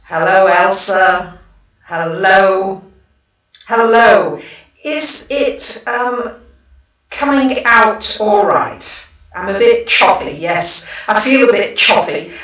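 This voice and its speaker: A woman hosting a casual astrology livestream, chatty and excitable, greeting viewers one by one. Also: on the high side, slow. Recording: very echoey room, voice far from the mic.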